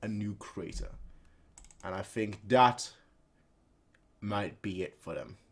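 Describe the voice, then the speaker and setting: A man hosting a casual reaction video who reads a manga aloud and makes his own sound effects in an animated way. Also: lowish voice, slow, gravelly, slight background noise. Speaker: reaction channel host.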